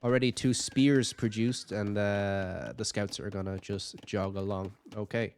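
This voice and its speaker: A man's voice: lowish voice, steady tone, a little slow, a little hiss or hum. A man giving casual commentary on a strategy game match, chatty and thinking aloud with light jokes. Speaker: game caster.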